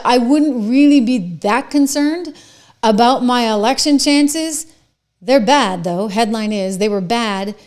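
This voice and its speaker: A woman's voice: medium pitch, darkish tone. A middle-aged woman hosting a political commentary monologue, sarcastic and mocking.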